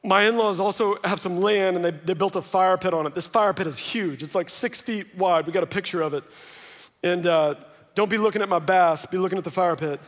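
A man's voice: high voice, fairly quick. A man in his thirties preaching a sermon as a pastor, telling family stories with joking asides. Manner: lively storytelling with joking asides. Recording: long reverb of a large hall.

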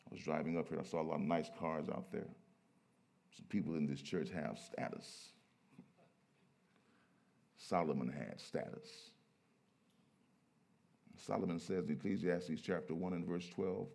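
A man preaching a sermon, who moves from low, quiet stretches to loud, emphatic peaks. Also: normal speed, gravelly, pauses often.

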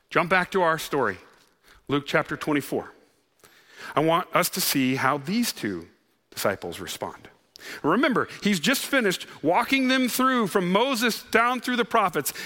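A male pastor with a high, bright voice delivers an earnest sermon. He asks the congregation questions. His words carry a long hall reverb from the sanctuary.

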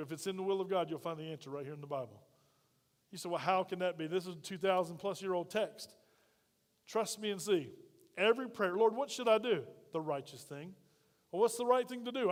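High-voiced preacher in a reverberant hall. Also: male voice. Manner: conversational preaching with rhetorical questions and call-and-response. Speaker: pastor. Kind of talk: sermon. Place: church sanctuary.

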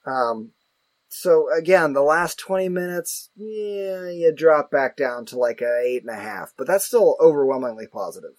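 Man, higher voice, dry close sound, rambling movie talk, self-mocking. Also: moderate pace, darkish tone, no room sound. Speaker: podcast co-host. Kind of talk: casual movie chat.

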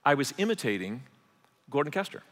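A man preaching a sermon as pastor, animated and repeating words as he goes. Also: medium pitch, brisk, big-room sound.

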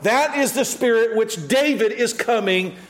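A middle-aged pastor delivers an energetic sermon in a notably high voice, unhurried, acting out the people he quotes. He swings from loud calls down to hushed, quiet stretches.

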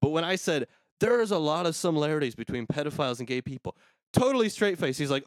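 A man's voice: a little high, animated, quick pace, no echo. A man hosting a podcast, ranting crudely and sarcastically in casual comedic talk. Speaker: podcast host.

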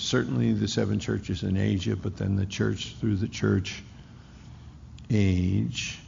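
A man's voice: on the low side, fairly even intonation, measured pace, creaky, dark tone, a little hiss or hum. A man preaching a sermon in a church, emphatic and repeating key words for weight. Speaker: pastor. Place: church sanctuary. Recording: dull lo-fi recording in a reverberant hall.

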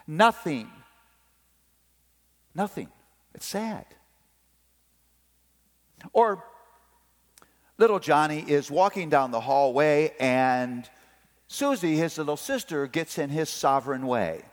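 Animated middle-aged man preaching, slow. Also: on the high side. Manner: animated storytelling, acts out family voices. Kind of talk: sermon on parenting. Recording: long hall reverb.

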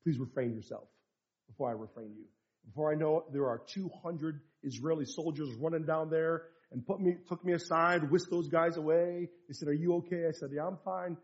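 A middle-aged American man, a pastor preaching a sermon, telling a story and moving from hushed tones to fervent bursts. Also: a little high, steady tone, fairly quick, hardly any pauses, lo-fi sound. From United States.

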